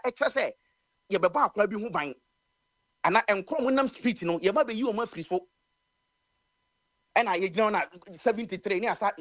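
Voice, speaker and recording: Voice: medium pitch, no echo. A radio talk show commentator with a Ghanaian accent, speaking heatedly with many stammered restarts. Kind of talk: impassioned call-in radio commentary.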